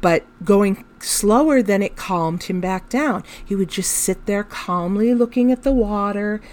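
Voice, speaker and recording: Woman podcaster telling a personal story, candid and emotional, swears freely, laughs while she talks, mid-pitched voice. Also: measured pace. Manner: animated storyteller, laughs through her telling. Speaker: podcast host.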